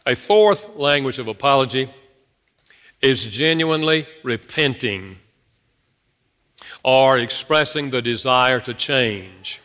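Bright-voiced preacher in a reverberant hall. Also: male voice, medium pitch. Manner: animated storytelling preacher, addresses congregation. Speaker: pastor. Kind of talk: sermon. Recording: long reverb of a large hall.

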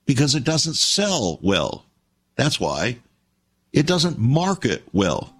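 A man's voice: medium pitch, huge pitch swings, slow. A man preaching an emphatic broadcast sermon, addressing listeners as friends. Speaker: radio preacher.

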